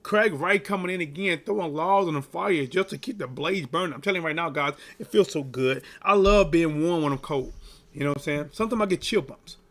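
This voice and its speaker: A man hosting a casual live stream about sports, talking to his chat in an animated, repetitive way and hyping up his viewers. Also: a little high, brisk. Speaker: livestream sports host.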